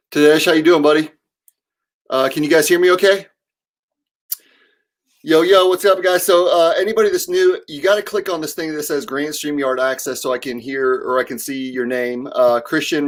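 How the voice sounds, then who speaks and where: A man hosting a casual live stream, upbeat and chatty, greeting viewers by name with lots of fillers. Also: medium pitch. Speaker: host of a live company stream. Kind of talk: casual livestream chat.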